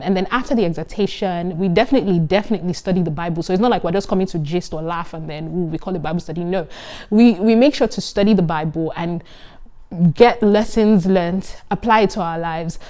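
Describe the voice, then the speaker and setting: A young woman in her twenties, a medical student, chatting casually to camera in an animated, giggly and earnest way. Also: on the low side, brisk. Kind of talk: casual vlog talk.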